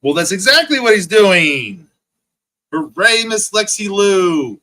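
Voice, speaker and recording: A man hosts a livestream and delivers a long, profane rant, repeating the same jabs and stopping to answer viewers in chat. His voice is bright and forward, sitting a little high for a man. His delivery is mocking and combative throughout. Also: big pitch swings, slow, rough recording. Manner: profane, mocking, repetitive ranting; reads and answers chat comments. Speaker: livestream host. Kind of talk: ranting livestream monologue.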